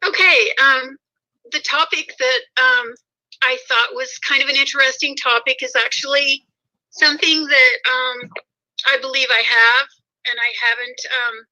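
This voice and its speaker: A woman calling in as a guest, talking hesitantly with many pauses and restarts. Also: high voice, bright, forceful tone, poor audio. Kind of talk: phone-in guest chat. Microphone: phone.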